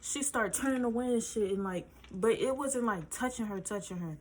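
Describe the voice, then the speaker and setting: A woman's voice: a little high, normal speed, a little hiss or hum, rough recording. A young woman vlogger telling a wild personal story in casual chat, swearing freely and acting out what others said. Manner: animated, swearing, acts out quotes in shifting voices.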